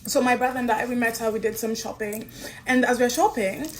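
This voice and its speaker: A young woman in her twenties, an influencer, telling a personal story with animated, swinging delivery. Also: on the high side, a little fast, a little hiss or hum. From Kenya. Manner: animated, swings between excited and subdued.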